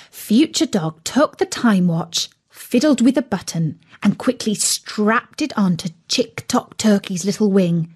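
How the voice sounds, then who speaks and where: Woman reading a kids story slow and clear, voice goes all over the place. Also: medium pitch, lively intonation. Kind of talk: storybook narration for learners.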